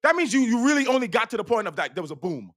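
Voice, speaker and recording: A man with a high voice riffs through a profane, rambling stand-up rant, doubling back on his own words. He lurches from loud bursts to near-whispered asides, and the sound is dry and close. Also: very animated, racing, no room sound. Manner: profane, rambling, repeats himself; swings between loud bursts and hushed asides. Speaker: stand-up comedian. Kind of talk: stand-up routine.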